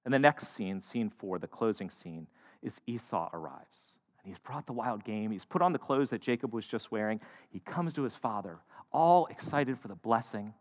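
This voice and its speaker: A man preaching a sermon, retelling a story with animated, joking asides. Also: on the low side, moderate pace. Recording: echoey hall.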